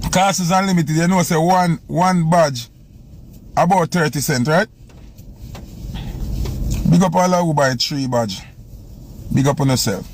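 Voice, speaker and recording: A man's voice: fairly high pitch, a little slow, pauses often, a little hiss or hum. Jamaican man chatting on a live stream. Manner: rambling, repeats phrases while scrolling comments. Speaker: selector going live. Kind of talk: casual live-stream chat.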